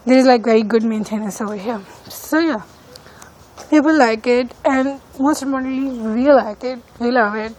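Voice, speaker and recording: Walking outdoors through her neighborhood with her phone camera running, a female student gives a casual walking-tour vlog in her second language, English, pausing hesitantly and using many fillers. Her voice is fairly high with a darkish tone at normal speed, and the recording is low quality.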